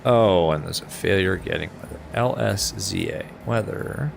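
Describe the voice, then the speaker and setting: Guy streaming a flight sim, gravelly low voice, chatty and self-deprecating, faint music behind. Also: moderate pace. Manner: chatty, self-deprecating, reads chat aloud. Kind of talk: casual live-stream chat.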